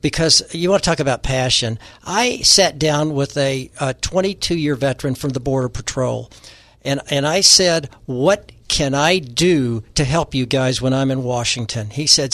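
A man speaking as a political candidate guest, making forceful, repetitive campaign-style declarations in an interview. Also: medium pitch, normal speed, no room sound.

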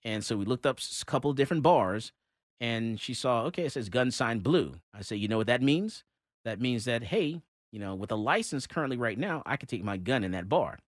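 A man hosts a talk radio show, recorded dry and close in the studio. His pitch rises and falls a lot as he tells his story, full of fillers and restarts. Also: animated, fairly quick, no echo. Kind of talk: casual talk-radio monologue.

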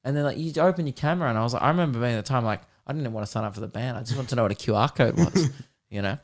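In a rapid-fire, mid-range voice, a twenty-something Australian man hosts a podcast, spinning loose, foul-mouthed funny stories during relaxed conversation.

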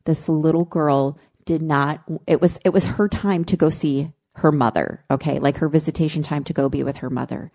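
A woman co-hosting a parenting podcast, telling a disturbing story in casual chat with deep emotion. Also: steady tone, moderate pace, hardly any pauses, mellow. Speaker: podcast co-host.

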